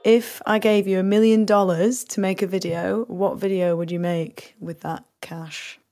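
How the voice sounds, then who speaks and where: A woman's voice: mid-range voice, level tone, a little slow, dark tone, soft background music. A woman co-hosting a podcast, chatty and self-deprecating, laughing often. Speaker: co-host. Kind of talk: casual podcast chat.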